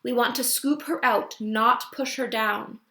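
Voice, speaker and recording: A woman voicing a calm, commanding elder female elephant who speaks firmly and motherly in an audiobook. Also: fairly high pitch, measured pace, echoey room. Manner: firm, motherly, giving orders.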